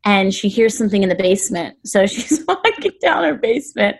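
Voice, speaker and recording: A woman's voice: medium pitch, sing-song, a little fast, creaky, breathy edge. A young woman in her twenties, co-hosting a podcast, laid-back and wry, laughing often. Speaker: podcast co-host. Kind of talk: casual chat.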